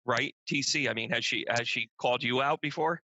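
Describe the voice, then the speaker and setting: Forceful, bright-voiced male host. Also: medium pitch, fairly quick, no echo, highs cut off. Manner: emphatic, repeats words when starting. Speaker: host, medium. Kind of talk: casual podcast chat.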